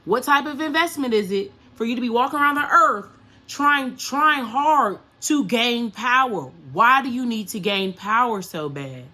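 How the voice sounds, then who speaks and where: A woman's voice: on the high side, lively intonation, moderate pace, pushed and bright. A woman speaking as a spiritual coach and astrology reader. She talks casually to her viewers, with emphatic, repeated rhetorical questions and profane slang.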